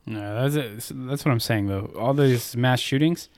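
A man co-hosting a casual podcast, explaining his views in a measured, low-key way. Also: a little mellow, no echo. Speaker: podcast co-host.

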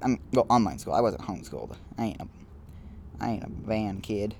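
A young man hosting a casual solo podcast outdoors, rambling and self-deprecating, with frequent halting restarts. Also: on the low side, lively intonation, darkish tone, slight background noise. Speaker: podcast host.

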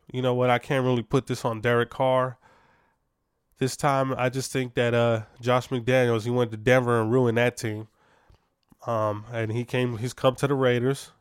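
Opinionated man with a smooth dry voice. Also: medium pitch, no echo. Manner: conversational, opinionated, frequent fillers and restarts. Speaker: sports podcast host. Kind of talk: casual sports opinion monologue.

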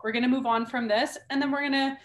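A woman's voice: high-pitched, steady tone, fast talker, roomy sound. A woman speaking bluntly in a casual podcast conversation, swearing freely and laughing often. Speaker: guest, founder of a mothers' group.

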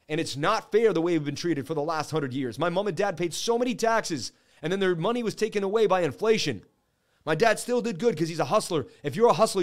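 A man in young adulthood hosting a crypto livestream, delivering a fiery, preachy rant full of repeated slogans. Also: high voice. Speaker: livestream crypto market host. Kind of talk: impassioned live rant.

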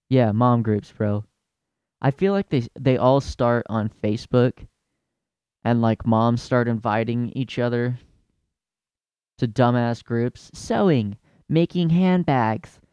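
A young man hosting a comedy podcast who rants in a profane, exasperated way, breaking into loud bursts. His mid-pitched voice is smooth and clear. The sound is dry and close, with no room around it. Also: no echo. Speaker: podcast host.

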